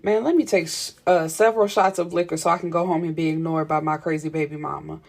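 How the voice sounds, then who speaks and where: Give me a boastful, slangy young man, as a woman quotes him, with a low voice. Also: fairly even intonation, fast, creaky, a little mellow. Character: brash young man, streetwise and defensive.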